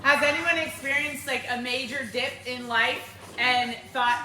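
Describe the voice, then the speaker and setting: A woman fitness coach talking to a group in a lively way, asking them questions and acting out her clients. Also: sits high, unhurried, distant mic. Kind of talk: group workshop talk. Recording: roomy, from across the room, faint noise.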